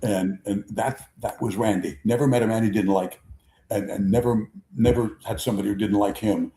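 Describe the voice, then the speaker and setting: A man in his seventies hosts a sports talk show and rambles through a long anecdote, circling back over his own words. His voice sits a little low, and the room around him rings with echo. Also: moderate pace. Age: 70s. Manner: rambling, repeats himself, animated impressions in stories. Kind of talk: conversational storytelling. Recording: echoey room.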